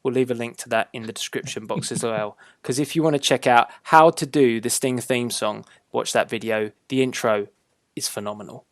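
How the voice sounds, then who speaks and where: A man's voice: medium pitch, moderate pace, no echo. A man hosting a casual wrestling chat show, upbeat and teasing, drawing out his announcements. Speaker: host.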